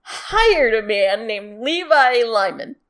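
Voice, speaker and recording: A woman's voice: a little high, big pitch swings, slow, a bit bright. A woman co-hosting a podcast, telling a story in casual chat, giggly and swearing freely. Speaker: podcast co-host.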